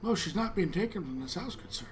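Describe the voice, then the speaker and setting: A man's voice: high-pitched, animated, fast talker, husky, exaggerated voice. Man playing a stubborn old father. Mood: threatening. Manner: stubborn, blunt. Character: old human father, defiant and protective.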